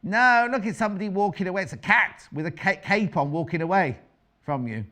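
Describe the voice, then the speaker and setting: A woman's voice: lowish voice, brisk, a bit bright. A middle-aged woman presenting a live TV sewing demonstration as a quilting expert, chatty and bantering with crew and viewers.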